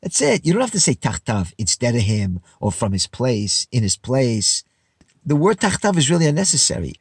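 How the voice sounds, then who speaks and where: A man's voice: medium pitch, very animated, moderate pace, breathy edge, no echo, clean studio sound. A man teaching a Bible lesson verse by verse in a casual, explanatory way, reading Hebrew phrases and translating them into English.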